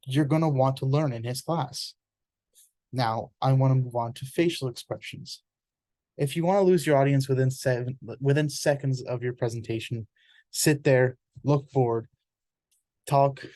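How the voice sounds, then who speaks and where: A man's voice: medium pitch, darkish tone, no echo. A man giving an informal explanatory presentation in an earnest, conversational way, often restarting words mid-sentence.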